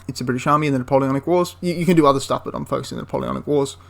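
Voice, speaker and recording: A man's voice: medium pitch, rapid-fire, vocal fry. A man giving a casual, enthusiastic spoken review of a tabletop wargame, rambling into asides and restarting his sentences.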